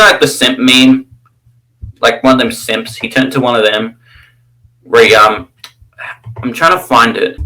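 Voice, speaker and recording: A man's voice: medium pitch, sharp tone, poor audio. An Australian man giving rambling, crude, mocking commentary, full of fillers and restarts. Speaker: channel host.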